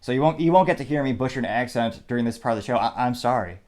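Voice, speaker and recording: Male show host, mixed Midwest-Southern accent, measured explanatory political commentary, reads quotes aloud, mid-pitched voice. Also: expressive, a little mellow. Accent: mixed Midwest and Southern American. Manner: measured, explanatory, with frequent asides.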